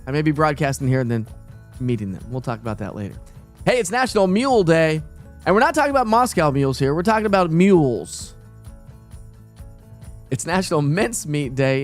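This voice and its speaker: A middle-aged man, hosting a casual live weather stream and greeting viewers by name. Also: medium pitch. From East Tennessee.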